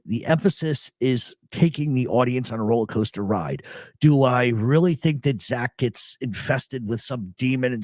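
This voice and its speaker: A man's voice: medium pitch, no room sound, studio quality. A man hosting a live show, chatting casually and swearing freely as he tells stories. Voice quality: profane, animated storyteller. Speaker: podcast host. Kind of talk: casual live-stream chat.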